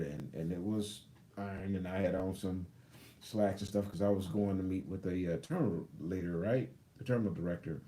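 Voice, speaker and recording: A man in his fifties tells a long workplace story in a low voice, casually acting out each person's lines. His tone is mellow and relaxed, and he often stops to back up and start over. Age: 50s. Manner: rambling, backtracks and restarts, acts out both sides of a story. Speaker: truck driver vlogger. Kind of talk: casual storytelling on a live stream.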